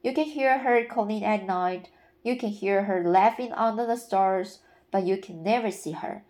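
A woman reading aloud, voicing a patient, imaginative young woman who talks in a gentle, storytelling way. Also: medium pitch, normal speed, close to an everyday voice.

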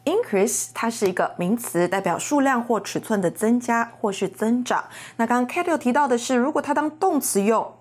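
A woman co-teaching a bilingual English lesson, explaining clearly. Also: a little high, animated, fairly quick, few pauses.

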